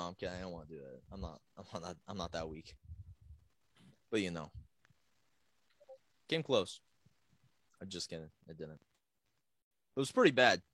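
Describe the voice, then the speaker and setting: Young man, podcast co-host, casual storytelling, profane, lively pitch, dry sound. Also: normal speed, pauses often, dry recording. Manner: profane, animated, acts out voices in stories.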